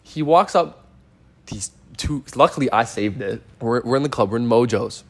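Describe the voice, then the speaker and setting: A man's voice: mid-range voice, expressive, moderate pace. A young man with a Canadian accent, a podcast guest telling stories in loose, profane casual chat full of fillers. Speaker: guest, rapper.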